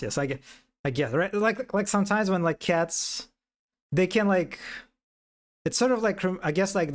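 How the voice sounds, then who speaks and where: A man streaming live in casual commentary, amused, often restarting his sentences and imitating animal sounds. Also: on the high side.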